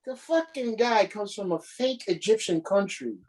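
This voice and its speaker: A man's voice: high voice, animated, normal speed, darkish tone, low-quality recording. A man co-hosting a podcast, ranting in casual chat with plenty of profanity and exasperation. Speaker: podcast co-host.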